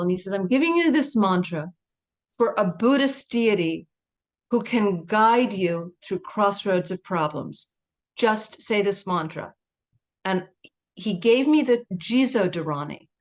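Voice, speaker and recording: Soft-spoken woman telling a personal story. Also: medium pitch. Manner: reflective, intimate storytelling with soft laughs. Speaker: guest speaker. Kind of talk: storytelling in a livestream conversation.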